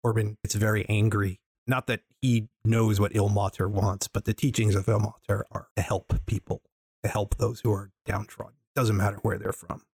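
Husky-voiced tabletop player. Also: male voice, fairly low pitch, normal speed, no room sound. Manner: relaxed, conversational narration. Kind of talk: narrating his character's actions.

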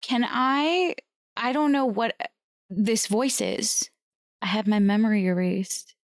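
A woman playing a tabletop game who asks halting, hesitant questions. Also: fairly high pitch, no echo, studio quality. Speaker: player. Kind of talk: casual tabletop play.

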